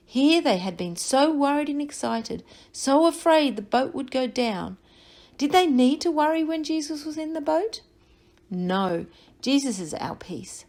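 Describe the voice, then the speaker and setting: Her voice a little high, a woman teacher reads young children a Bible story with expressive storytelling. Along the way she asks the listeners questions.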